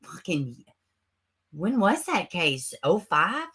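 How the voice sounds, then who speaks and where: Lively bright-voiced woman livestreaming. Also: on the low side, takes it slowly, slightly rough. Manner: sarcastic, animated, swears and laughs often. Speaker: livestream host. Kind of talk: casual livestream chat reading comments. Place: home, close to a webcam. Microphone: camera mic.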